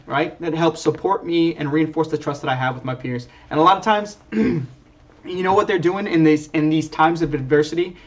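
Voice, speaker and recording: A young man, an Air Force sergeant, talking earnestly on a livestream and rambling with restarts and fillers, heard from a distance through a muffled mic. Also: on the high side. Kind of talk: livestream talk. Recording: distant, dull lo-fi stream audio.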